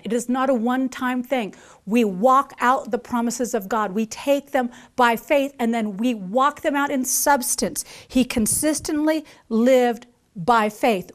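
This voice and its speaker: High-voiced emphatic woman preacher. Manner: emphatic, repeats key phrases, acts out quoted voices; slows down to stress scripture lines. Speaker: mother. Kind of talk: conference sermon.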